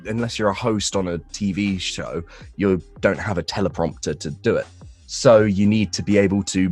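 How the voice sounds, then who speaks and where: A young man, a voice actor, answering interview questions casually, rambling with fillers and restarts. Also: fairly low pitch. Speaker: voice actor guest.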